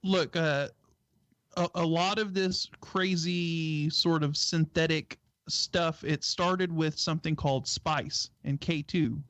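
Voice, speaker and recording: A man's voice: on the high side, fairly even intonation, slow pace, a bit bright, no echo. A man co-hosting a casual talk stream, explaining earnestly with lots of "you know" and "right?". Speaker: co-host. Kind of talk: casual chat.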